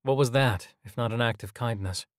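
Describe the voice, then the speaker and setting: A man narrating a scripted audio drama, even and measured. His voice sits at a middle pitch, close and dry. He tells the story plainly. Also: dry recording.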